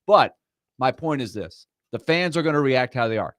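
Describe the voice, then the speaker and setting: A man's voice: medium pitch, animated, moderate pace, fairly bright tone, no echo. A man hosting a sports talk show, arguing his points emphatically and animatedly.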